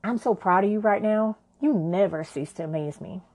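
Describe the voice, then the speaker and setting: A woman voicing a caring adult woman friend who reacts in a quick, friendly way. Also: mid-range voice, a little mellow, natural voice. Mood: tender.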